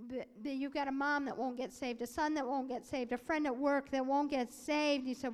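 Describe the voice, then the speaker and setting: Sitting high with fairly even intonation, a woman's voice moves at a moderate pace with hardly any pauses. She voices a preacher's sermon and personal testimony, animatedly acting out quoted voices and sometimes dropping to a whisper. A long hall reverb surrounds her.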